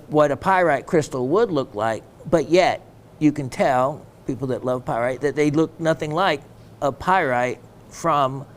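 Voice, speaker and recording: A man hosting a gem shopping show, chatting casually and reading viewer messages aloud, with plenty of ums and uhs. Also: on the high side.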